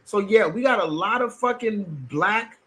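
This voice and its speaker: An American man on a livestream, speaking bluntly and emphatically with plenty of profanity. His voice sits high, with a bright, sharp edge to it. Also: normal speed. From United States. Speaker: streamer. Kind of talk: livestream commentary.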